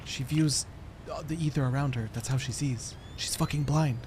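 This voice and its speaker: A young man giving casual gameplay commentary, animated, laughing often and swearing freely. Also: mid-range voice, moderate pace, background noise. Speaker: streamer.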